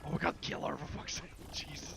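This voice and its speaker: A man's voice: on the high side, level tone, fast, gravelly, noisy background. A man chatting casually with a friend while gaming, giggling often, teasing and swearing freely. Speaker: gamer.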